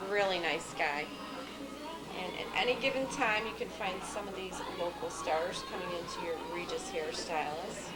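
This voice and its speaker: A woman's voice: on the low side, moderate pace, poor audio. A woman hairstylist telling chatty stories about her clients. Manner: chatty storyteller. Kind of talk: casual anecdotes to camera. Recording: loud music behind.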